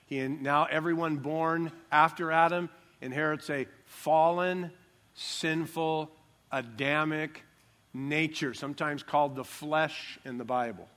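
A man's voice: fairly high pitch, fairly even intonation, takes it slowly, fairly bright tone. An older man preaching a sermon as pastor, emphatic and joking, stressing key words.

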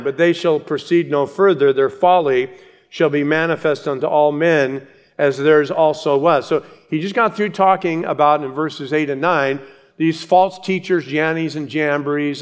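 A middle-aged male pastor teaching an expository Bible sermon, slowing down and dwelling on each phrase as he reads scripture aloud. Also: on the high side, steady tone, clear, resonant tone. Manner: measured, slows to read scripture aloud.

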